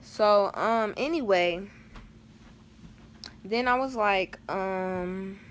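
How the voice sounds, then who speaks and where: A woman's voice: mid-range voice, drawn-out words, a little hiss or hum. A teenage girl telling a storytime vlog in a chatty, dramatic way, full of slang and fillers. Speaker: vlogger.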